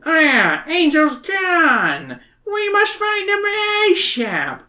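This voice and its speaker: A woman voicing an excitable old male mad professor in a shrill, theatrical voice with stretched-out words. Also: extremely slow, exaggerated voice. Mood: manic.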